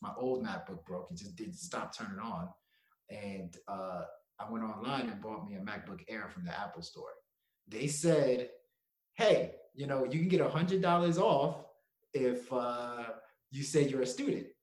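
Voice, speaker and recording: A man's voice: mid-range voice, measured pace. A young man co-hosting a podcast, telling a story in casual chat and acting out quotes with frequent laughter. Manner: animated storyteller, laughs often, acts out quotes. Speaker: podcast co-host. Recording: echoey room.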